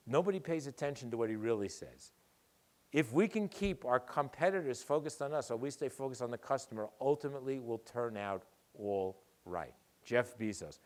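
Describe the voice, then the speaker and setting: Older guy doing a keynote, punchy, sarcastic, lively. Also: medium pitch. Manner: punchy, sardonic, lively delivery. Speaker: keynote speaker. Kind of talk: conference keynote. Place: dinner event hall.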